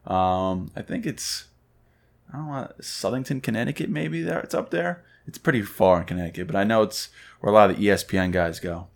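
A man co-hosting a podcast in relaxed casual chat, telling stories in an animated way. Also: on the low side, brisk, vocal fry. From Northeastern US. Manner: laid-back, animated storyteller. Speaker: podcast co-host.

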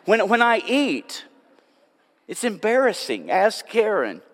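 A man, a pastor, preaching a sermon, telling self-mocking stories and then dropping to hushed, drawn-out words. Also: sits high, huge pitch swings. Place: church sanctuary. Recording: long hall reverb.

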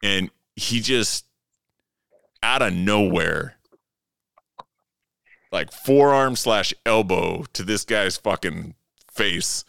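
A man's voice: on the low side, animated, drawn-out words, vocal fry, long pauses, a bit bright, no room sound, studio quality. A man co-hosting a casual podcast, telling a rambling, profane bar story with plenty of laughs. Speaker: podcast co-host.

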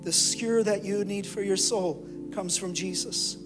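Male pastor, high voice, impassioned sermon, loud then hushed, long hall reverb, music underneath. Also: fairly even intonation, measured pace. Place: church sanctuary.

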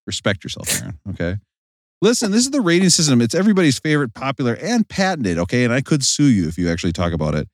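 A man hosts a loose, joking podcast, his voice bouncing up and down with lively swings in pitch. He sounds a little out of breath and recorded from a hot car. The sound is close and dry, with no room around it. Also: fast talker, no echo. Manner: animated, jokey, sarcastic asides. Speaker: podcast host. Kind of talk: casual comedic podcast chat.

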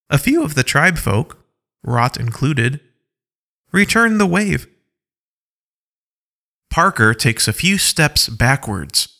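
A man narrating an audio science-fiction story in an even, descriptive way. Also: mid-range voice.

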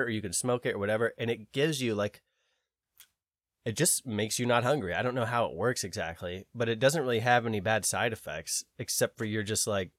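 A man co-hosting a podcast in casual chat, ranting and swearing freely, animated. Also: on the low side, dry recording, studio quality. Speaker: podcast co-host.

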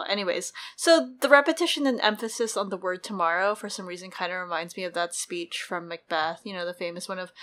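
A woman's voice: fairly low pitch, fast, hardly any pauses, a bit bright. Chatty woman discussing books. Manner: chatty, swears, laughs often. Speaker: podcast co-host. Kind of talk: casual book discussion.

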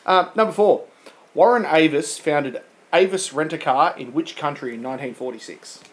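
A man's voice: on the high side, normal speed, low-quality recording. A man from Australia hosting a quiz in casual chat, joking and teasing while reading out the questions. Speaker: quiz host of a podcast.

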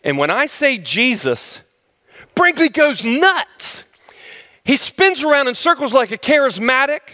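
A middle-aged pastor delivers a lighthearted sermon story. His voice sits high and sounds bright and forceful. He plays up the drama and pokes fun at himself. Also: moderate pace. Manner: animated, dramatic, self-mocking.

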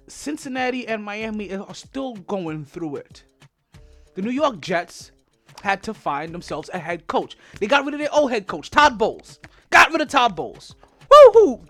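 A man's voice: high voice, pushed and bright. Brief: man, sports podcast host, fired-up profane rant, faint music bed underneath. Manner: profane, heated, repeats words when riled.

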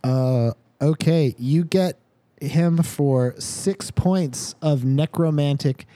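A man's voice: fairly high pitch, slow, dark tone, no echo. A man narrating a tabletop game as dungeon master, laid-back and casually swearing.

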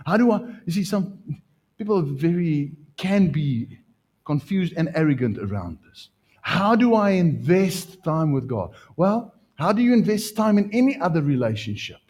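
Pastor guy preaching, kinda husky, voice sits a bit high. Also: normal speed. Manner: animated preaching, pitch jumping up when excited. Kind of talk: sermon.

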